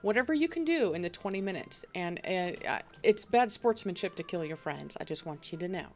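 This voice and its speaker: A woman's voice: lowish voice, animated, fairly quick, soft background music. A woman hosting a multiplayer game session over voice chat, explaining the rules at length with fillers. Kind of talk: casual gaming chat over voice call.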